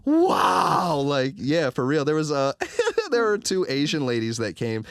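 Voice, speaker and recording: Man, podcast guest, rambling and profane, mid-pitched, dry close sound. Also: moderate pace, clean tone, no echo. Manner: rambling, profane, animated storyteller. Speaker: recording engineer, podcast guest. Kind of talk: casual chat. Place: podcast studio.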